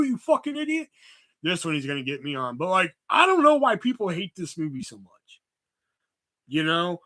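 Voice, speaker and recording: A man talking movies in a casual chat, his voice high and bright with swooping, animated pitch. He rambles freely, swears often and fills gaps with ums and likes. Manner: rambling, heavy swearing, many fillers. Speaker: host.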